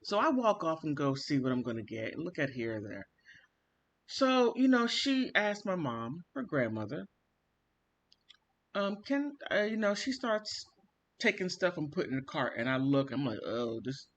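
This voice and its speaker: A man vlogging, telling a family story in an animated, theatrical way and acting out the quotes. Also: fairly high pitch, moderate pace, highs cut off. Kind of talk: casual storytelling monologue.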